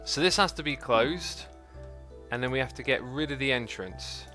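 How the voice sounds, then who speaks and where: Bright, chatty man streaming games. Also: medium pitch, normal speed, soft background music. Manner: chatty, excitable, thinks aloud, reads chat messages out. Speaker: livestream host. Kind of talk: live gameplay commentary.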